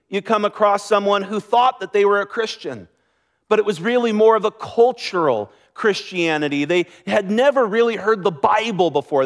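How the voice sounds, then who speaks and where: A man preaching a sermon as pastor, earnest and conversational, with light laughter. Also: sits high.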